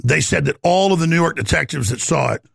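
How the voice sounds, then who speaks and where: A man's voice: fairly high pitch, fast, vocal fry, slightly rough, no room sound, studio quality. A middle-aged man hosting a talk show, ranting in a rambling, heated monologue.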